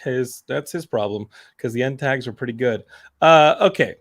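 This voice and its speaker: Animated, swearing male podcast host. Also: medium pitch, moderate pace. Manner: animated storyteller, swears freely. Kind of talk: casual podcast chat.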